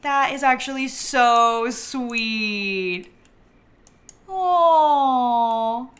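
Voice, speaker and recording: A young woman streaming a life-simulation game, chatting excitably and talking to her characters. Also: a little high, extremely slow. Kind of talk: live game commentary.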